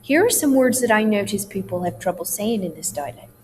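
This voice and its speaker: A woman's voice: medium pitch, expressive, brisk. A woman theatre teacher giving a recorded dialect lesson, explaining sounds in a patient, reassuring way. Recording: long hall reverb, faint hum.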